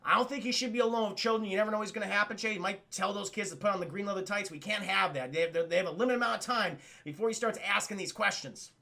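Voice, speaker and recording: A man's voice: sits high, fast, gravelly, few pauses, bright, forceful tone. A man streaming a cartoon review, rambling and swearing casually while talking to his chat. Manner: profane, rambling, keeps addressing the chat. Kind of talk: casual live-stream commentary.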